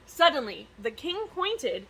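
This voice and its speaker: A woman reads a picture book aloud to young listeners in an expressive storytelling voice. She takes her time and her voice rises and falls widely. The tone is high and bright. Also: takes it slowly, rough recording. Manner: expressive, sing-song storytelling. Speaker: student success advisor reading to children.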